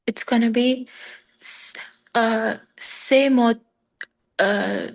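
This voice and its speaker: A woman answers her teacher's questions in a French lesson over a video call. She talks slowly and hesitantly, thinking aloud between words. Her voice is a little high. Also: vocal fry. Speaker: student.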